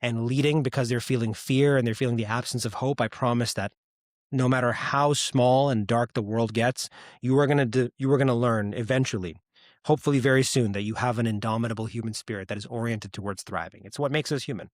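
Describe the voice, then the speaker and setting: A man's voice: medium pitch, brisk, dry recording, clean studio sound. A man in his thirties, a podcast guest, telling a painful personal story in an earnest, reflective way. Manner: earnest, reflective, gets choked up at moments.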